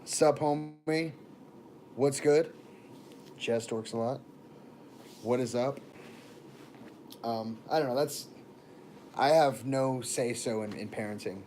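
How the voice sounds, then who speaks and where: A young man talks casually on a livestream, rambling through stories and greeting viewers by name. His pitch sits in an ordinary middle range. A faint hum stays underneath the whole recording. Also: steady tone, measured pace, long pauses, a little mellow. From born in Texas, raised in Florida.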